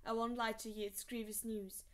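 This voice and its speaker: A woman reading aloud, voicing a gruff, blunt old male lord commander who growls his commands. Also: on the high side, level tone, moderate pace, natural voice.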